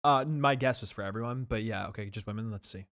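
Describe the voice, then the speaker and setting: A man's voice: lowish voice, fast. Laid-back man chatting on a podcast. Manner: relaxed, filler-heavy with lots of "like". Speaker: podcast co-host. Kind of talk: casual chat.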